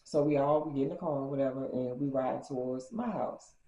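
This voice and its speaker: A young woman telling a funny story in a casual, animated way, slipping into her friends' voices. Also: a bass voice, brisk. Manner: animated, acts out quoted friends in slangy speech. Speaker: storytime vlogger. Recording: roomy, slightly dull sound.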